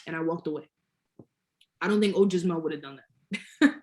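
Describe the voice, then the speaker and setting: A woman's voice: lowish voice, brisk, darkish tone. A young woman, a guest entrepreneur, telling a story in a casual interview, laughing often and stretching key words. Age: young adult.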